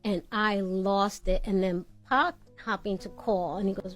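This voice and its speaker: A woman guest telling a story in an animated, casual way. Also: medium pitch, measured pace, hardly any pauses, soft background music. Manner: animated, laughs while telling.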